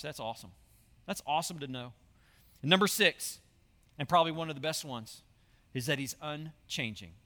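A man, a high school pastor, preaching an earnest sermon that repeats its key lines. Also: pushed and bright, long reverb tail. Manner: earnest, repetitive preaching, addresses listeners as y'all.

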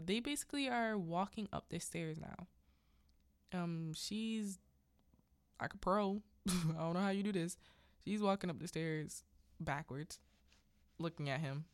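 A low-voiced woman casually recapping a film on her podcast, talking slowly. She rambles with unsure asides, and her voice is close and dry. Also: smooth, no room sound. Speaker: podcast host.

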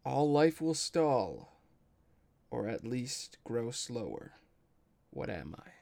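Game master, male, slow gravelly narration. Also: medium pitch, very animated, warm tone.

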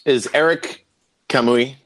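A man co-hosting a casual game chat, playful and quick to tease the others. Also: medium pitch, a bit bright, a little hiss or hum. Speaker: podcast co-host.

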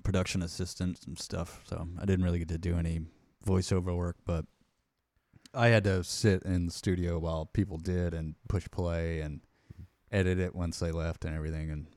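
Man, podcast host, low-ish voice, dry close sound, casual storytelling. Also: level tone, normal speed, a little mellow, dry recording. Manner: storytelling, mimics people he describes. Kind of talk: casual chat.

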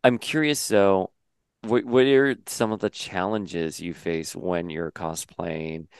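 A man hosting a podcast, interviewing a guest in casual, animated chat and swearing freely. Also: sits low, takes it slowly, clear, resonant tone, no echo. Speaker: podcast host.

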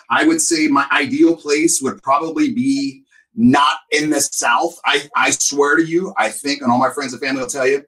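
Male podcast co-host, emphatic storyteller, mid pitch, slightly off-mic. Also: fairly bright tone. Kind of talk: casual podcast chat. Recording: voice a bit distant from the mic.

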